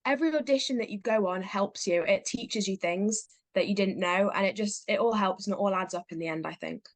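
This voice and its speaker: A woman's voice: medium pitch, fairly quick, no room sound. A teenage girl chatting as an interview guest about her acting, upbeat and full of fillers, acting out little quotes as she talks. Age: teens. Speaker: guest, young actor. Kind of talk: casual interview chat.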